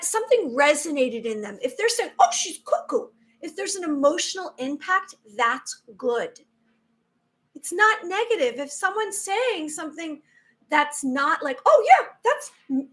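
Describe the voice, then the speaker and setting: High-voiced woman hosting a spiritual stream. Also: fairly bright tone. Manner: earnest, rambling, with many restarts. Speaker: spiritual livestream host. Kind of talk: casual live-stream talk.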